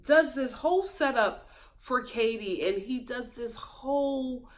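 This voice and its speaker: A woman hosting a casual reality TV recap, talking in an animated, gossipy way and mimicking the cast. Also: fairly high pitch, a little slow. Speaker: show recap host.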